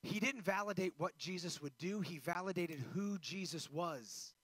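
A male pastor delivers a sermon in a high, bright voice. He moves between loud, insistent emphasis and quiet, intense stretches. The sound is dry and close. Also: moderate pace, slightly rough, no room sound. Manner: preaching with swings from loud emphasis to hushed intensity.

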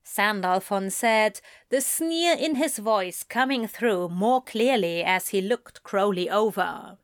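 Slow, measured woman narrator. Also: medium pitch, expressive, no room sound, studio quality. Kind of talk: fan fiction audiobook reading.

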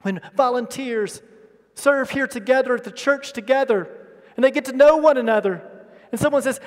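High-voiced preaching man in an echoing church. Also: a little fast. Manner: passionate preaching, swings from loud emphatic bursts to hushed asides. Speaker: pastor. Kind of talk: sermon. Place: church sanctuary. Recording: long hall reverb in a church sanctuary.

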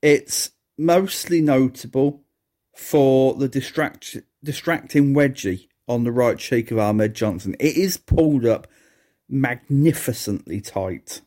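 A man's voice: mid-range voice, takes it slowly, dark tone. A man hosting a wrestling review podcast on his own, talking casually with sardonic, exasperated asides and bursts of laughter. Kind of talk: casual solo review commentary.

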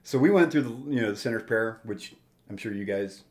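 A man's voice: on the low side, animated, brisk. A man in his forties, a guest telling a personal testimony in a plainspoken, rambling way, with restarts and quoted dialogue.

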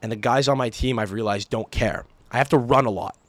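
A young man hosting his own podcast, telling stories casually in an animated, profane, exaggerated way. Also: medium pitch, a little fast, no room sound. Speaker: podcast host. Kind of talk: casual solo podcast storytelling.

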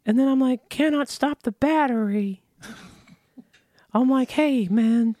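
A silly wrestler impression, put on by a man, pitched far up and stretched out slowly. It is exaggerated and playful. The voice sits a bit back from the mic. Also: mellow, dry recording, clean studio sound. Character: goofy high-voiced impression of a famous adult male wrestler.

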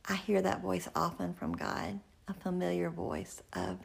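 A woman giving an earnest devotional teaching, often dropping into soft whispers. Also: on the low side, sing-song, measured pace, gravelly, hardly any pauses, breathy edge. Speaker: Christian speaker.

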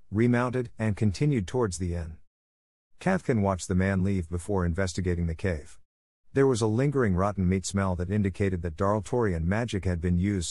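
Deep-voiced male storyteller. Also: a little mellow, dry recording, studio quality. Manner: measured storytelling. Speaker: audiobook narrator. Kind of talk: scripted narration.

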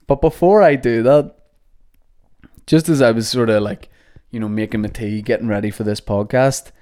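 A man's voice: mid-range voice, moderate pace, mellow. A young man hosting a podcast, rambling and joking with plenty of swearing. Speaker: podcast host. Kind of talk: casual comedic monologue. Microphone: podcast microphone.

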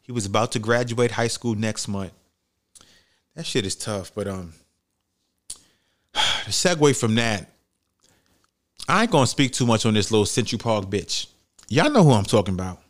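A man's voice: fairly low pitch, expressive, normal speed, pauses often. A young man from New York City hosting a podcast, giving blunt, profane, heated commentary in casual talk. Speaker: podcast host.

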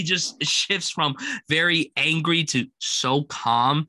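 Young male co-host, bright and dry-sounding, casual and enthusiastic film chat. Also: fairly high pitch, a little slow, dry recording. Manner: enthusiastic, quotes lines in loud put-on voices.

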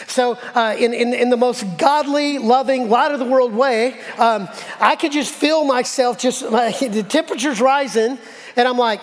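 Pastor, man, middle-aged, higher voice; conversational sermon, acts out stories; long church reverb. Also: normal speed. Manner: conversational, self-deprecating, acts out dialogue. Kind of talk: sermon with personal storytelling. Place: church sanctuary.

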